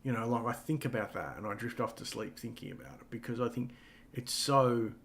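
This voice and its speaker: A man's voice: medium pitch, fairly quick, gravelly, a bit bright, slight background noise. A middle-aged man co-hosting a casual chat, rambling with lots of fillers and frequent swearing. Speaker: podcast co-host.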